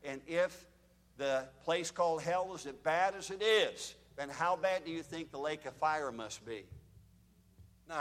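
A man preaching a fire-and-brimstone sermon, telling dramatic stories and shouting out the screams he quotes. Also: on the high side, long reverb tail.

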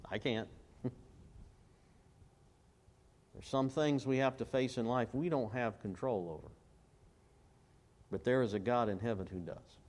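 A male pastor with a medium-pitched, slightly mellow voice preaches a sermon, quoting scripture and often pausing for the congregation to fill in words. He uses call-and-response questions and slowly recites hymn lyrics.

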